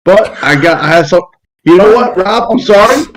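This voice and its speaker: A man's voice: sits high, moderate pace, poor audio. A father on a podcast panel, telling stories in casual chat and laughing a lot. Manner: laughs a lot, animated storytelling.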